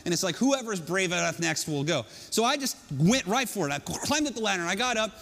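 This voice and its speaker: A man telling a self-mocking personal story to an audience, animated and conversational. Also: high-pitched, slight background noise. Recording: long hall reverb.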